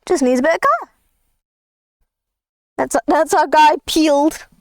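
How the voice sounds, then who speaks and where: A woman's voice: high-pitched, expressive, measured pace, dry recording, clean studio sound. A woman, chatting casually on a livestream while drawing, rambling playfully with jokey asides. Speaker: streamer.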